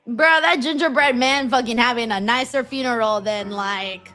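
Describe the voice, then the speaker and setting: Bright-voiced, laughing woman streamer. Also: fairly high pitch, moderate pace, few pauses, faint music behind. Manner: laughs often, swears freely, animated and chatty. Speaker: streamer hosting a wrestling watchalong. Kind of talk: casual chat reacting to a live show and reading comments.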